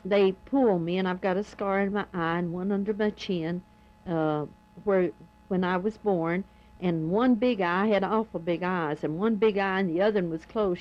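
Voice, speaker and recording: A woman's voice: medium pitch, dull audio. Older woman telling family stories. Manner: plain, homespun storytelling with many pauses and "uh"s. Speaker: oral history narrator.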